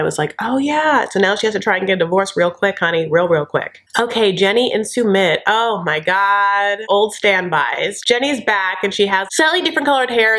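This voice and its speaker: A woman's voice: medium pitch, fairly bright tone. Sassy woman dishing on a TV show. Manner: sassy, campy gossip with "honey" asides. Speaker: show recap host. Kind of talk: comedic TV recap vlog.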